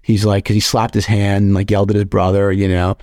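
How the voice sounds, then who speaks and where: Gravelly, profane young man telling stories. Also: fairly low pitch, fast talker, no room sound, clean studio sound. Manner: profane, animated storytelling. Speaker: podcast co-host. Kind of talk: casual chat.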